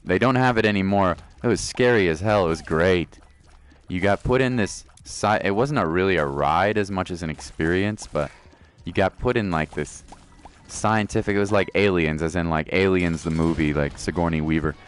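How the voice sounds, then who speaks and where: Deep-voiced laid-back male game streamer. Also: moderate pace, clear, resonant tone. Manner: laid-back, chatty, talks to chat. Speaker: gaming streamer. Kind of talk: casual live-stream chat.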